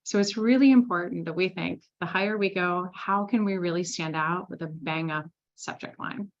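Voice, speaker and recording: A woman giving a recorded sales masterclass, talking in a lively, chatty way and often slipping into quoted asides. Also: fairly low pitch, moderate pace, lo-fi sound. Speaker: sales trainer.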